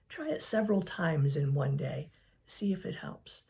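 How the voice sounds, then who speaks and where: A woman counselor giving gentle advice to camera, soft-spoken and often dropping to a near whisper. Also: on the low side, lively intonation, normal speed, creaky. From United States. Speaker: licensed professional counselor. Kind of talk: calm advice talk to camera.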